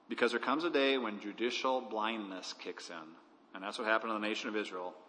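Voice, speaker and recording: A man's voice: medium pitch, pushed and bright. A man preaching a sermon as a pastor, earnest and pleading with emphatic delivery. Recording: hall reverb.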